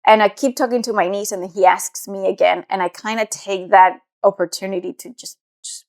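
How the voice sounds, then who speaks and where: A woman's voice: mid-range voice, steady tone, brisk, darkish tone. A young woman co-hosting a podcast, talking in a rambling, hesitant way with lots of fillers. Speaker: podcast co-host. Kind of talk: casual chat.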